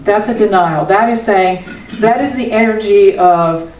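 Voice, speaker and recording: A woman's voice: medium pitch, unhurried, a little mellow. A woman speaking as a spiritual teacher, her sermon conversational and punctuated by firm, repeated points. She sounds some distance from the microphone, and the room rings with echo around her mid-range voice. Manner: conversational, emphatic, with small laughs. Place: spiritual center hall. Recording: roomy hall from a distance.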